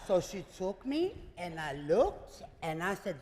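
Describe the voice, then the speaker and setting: A man giving a keynote speech, telling his own story in a lively way and acting out the dialogue. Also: sits high, a little slow. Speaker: keynote speaker. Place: event hall before a live audience. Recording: reverberant hall with clear noise.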